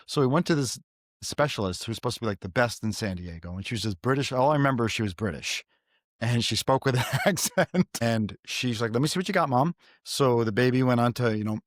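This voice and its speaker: A middle-aged man from New York hosting a casual faith podcast, telling stories in an animated way and often repeating himself. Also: mid-range voice, dry recording, clean studio sound. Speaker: podcast host.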